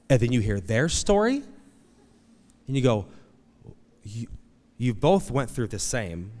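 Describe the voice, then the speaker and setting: A man preaching a conversational, animated sermon as pastor, acting out quoted voices. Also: medium pitch, measured pace, long pauses. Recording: long hall reverb.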